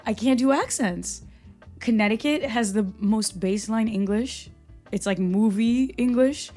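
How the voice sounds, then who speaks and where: A woman's voice: mid-range voice, faint music behind. A young woman from Brazil hosting her own podcast, talking casually and passionately, laughing at herself now and then. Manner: animated, talks fast and passionately, laughs at herself. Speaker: podcast host. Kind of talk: casual solo podcast talk.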